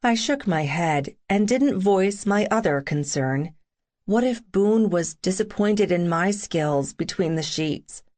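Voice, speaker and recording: A woman's voice: fairly low pitch, animated, slow, darkish tone. A woman narrating a first-person audiobook in a dry, wry, self-deprecating manner.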